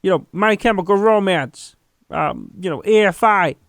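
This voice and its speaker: Man doing a high, intense, weepy male psychologist, mild swearing. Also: lively intonation, moderate pace, fairly bright tone, no echo, clean studio sound. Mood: earnest. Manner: earnest lecturing, swears mildly. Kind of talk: comedic impression.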